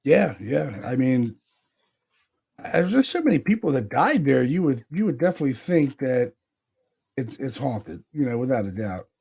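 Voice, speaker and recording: Very animated at a normal speed, his medium-pitched voice carries vocal fry, a slightly mellow quality, and a breathy edge. This Pennsylvania paranormal investigator co-hosts a podcast in casual chat, loosely telling stories, acting out voices he heard, and swearing casually.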